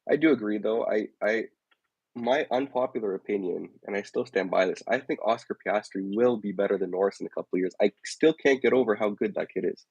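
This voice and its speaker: A man co-hosting a casual chat, giving measured, thoughtful opinions. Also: fairly low pitch, vocal fry, a little mellow, slightly rough, dry recording, highs cut off. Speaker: podcast co-host.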